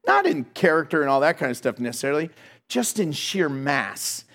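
High, gravelly man preaching with humor. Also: normal speed. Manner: animated, humorous, laughs between lines. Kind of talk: sermon with storytelling.

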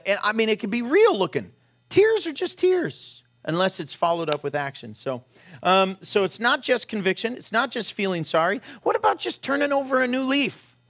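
A man's voice: sits high, gravelly, a bit bright. A middle-aged man, a pastor, giving a conversational sermon full of rhetorical questions and short anecdotes.

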